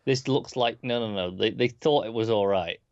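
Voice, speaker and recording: A man's voice: fairly low pitch, normal speed, darkish tone, no room sound. Laid-back man on a muffled mic. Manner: laid-back, short agreeing replies. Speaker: podcast co-host. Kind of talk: casual movie trailer chat.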